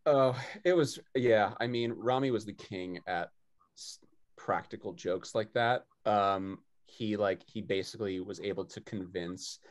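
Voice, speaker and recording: A man hosting a casual video chat, telling quick animated anecdotes. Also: lowish voice. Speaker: host. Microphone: video call mic.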